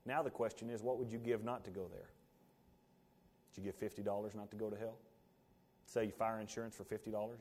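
A male pastor preaching a sermon, building to emphatic peaks and then dropping to quiet asides. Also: on the low side, fairly even intonation, fast talker, pauses often. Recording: long hall reverb.

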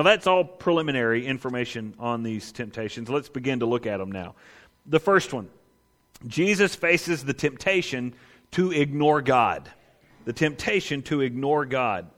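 A male pastor preaching a sermon in an animated, conversational way with rhetorical asides. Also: fairly high pitch.

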